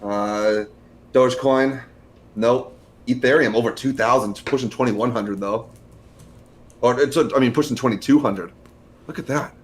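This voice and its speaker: A young man in the co-host chair of a casual stock podcast, chatting with an easygoing, slangy manner. He laughs often, and his voice sits at an ordinary middle pitch. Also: a little slow, long pauses, breathy edge.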